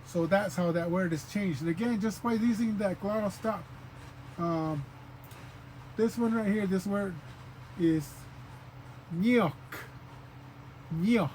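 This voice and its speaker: A man with a fairly high voice teaches a language lesson at an easy, patient pace. He repeats each sound slowly and fills pauses with um and uh. Faint background noise sits under the recording. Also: darkish tone, rough recording. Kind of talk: informal spoken lesson.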